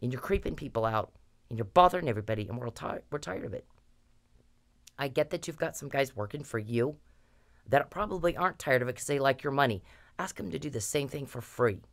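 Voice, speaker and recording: Brief: low-pitched woman, furious profane vlog rant, blunt and scolding. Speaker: vlogger. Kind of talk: angry direct-to-camera rant.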